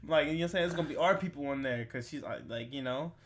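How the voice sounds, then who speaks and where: A man co-hosting a casual podcast, talking loosely and breaking into loud, laughing exclamations. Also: a little high, rapid-fire, slight background noise. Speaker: podcast co-host. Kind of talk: casual chat.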